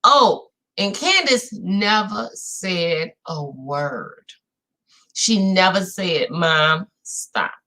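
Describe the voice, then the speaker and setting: Speaking extremely slowly in a mid-range voice, a woman from New Orleans, Louisiana, recaps a reality show for her viewers in her local accent. She's animated and chatty, calling her audience "y'all."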